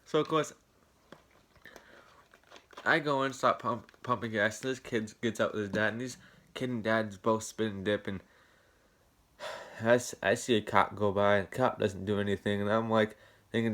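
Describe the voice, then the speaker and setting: A man's voice: fairly low pitch, steady tone, moderate pace, pauses often, a bit bright. A young man telling a storytime tale to camera, rambling and indignant, swearing often. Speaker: vlogger. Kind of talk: casual storytime rant.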